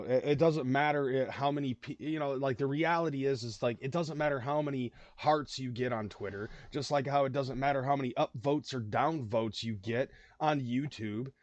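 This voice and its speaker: A man's voice: mid-range voice, moderate pace, no room sound, muffled recording. A man hosting a livestream, rambling in casual reaction commentary, with lots of swearing and fillers. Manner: rambling, profane, many fillers. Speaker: livestream host.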